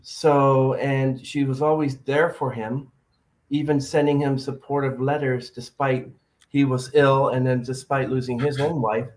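A man's voice: medium pitch, steady tone, a little slow, a little mellow. A man hosting a casual podcast interview, chatting and reading out viewer comments. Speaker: podcast host.

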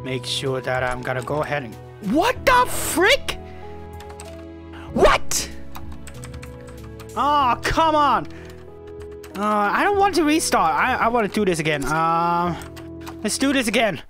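Excitable woman narrating gameplay, lively pitch. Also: takes it slowly, pauses often, faint music behind. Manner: excitable, yelling at game characters, frequent laughter. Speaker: gaming YouTuber. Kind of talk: casual gameplay commentary.

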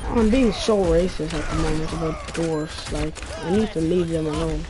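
A woman's voice: low voice, moderate pace. A woman streaming a game live, giving foul-mouthed trash-talking commentary as she plays.

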